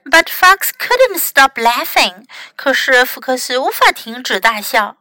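A woman English teacher reading a picture book aloud in two languages, slow and expressive. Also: sits high, no room sound.

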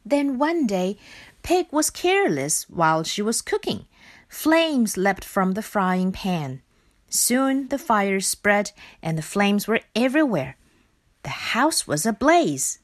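A woman reading a children's picture book aloud in a slow, expressive storytelling voice. Her pitch rises and falls widely from phrase to phrase. The recording is dry and close, with no room sound. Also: no room sound. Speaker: narrator.

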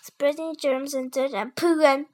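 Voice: sits high, fairly even intonation, a little slow. A child putting on a shrieking cheeky boy. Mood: wheedling. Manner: shrieking, gleeful outbursts. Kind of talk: storybook reading.

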